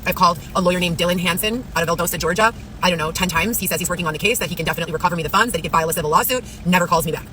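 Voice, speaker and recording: A woman's voice: fairly low pitch, rapid-fire, fairly bright tone, a little hiss or hum. A woman vlogging in a rambling monologue, blunt and profane, piling up complaints.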